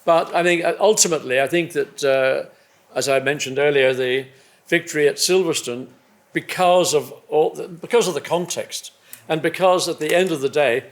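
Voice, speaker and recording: Older man telling racing stories. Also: on the high side. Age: 70s. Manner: reflective storyteller, measured with many restarts. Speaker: guest, former racing driver. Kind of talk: after-dinner conversation on stage. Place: club evening event indoors.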